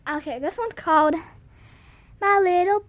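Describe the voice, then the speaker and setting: Chatty high-voiced young girl, dull lo-fi home recording. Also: measured pace. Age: child. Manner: chatty, giggly, lots of "like", sings silly bits. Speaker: kids' video host. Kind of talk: casual chat showing jump tricks.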